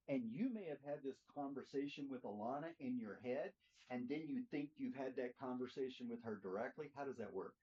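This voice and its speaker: Mellow, husky-voiced man teaching a class. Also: medium pitch. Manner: plainspoken, asks the group questions. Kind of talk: interactive teaching talk. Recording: dull lo-fi recording.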